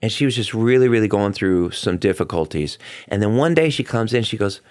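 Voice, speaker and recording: Middle-aged male stage performer, interview guest; heartfelt, animated storyteller who acts out quotes. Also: lowish voice, brisk, smooth. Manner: excitable, acts out quotes with big vocal swings; earnest and heartfelt.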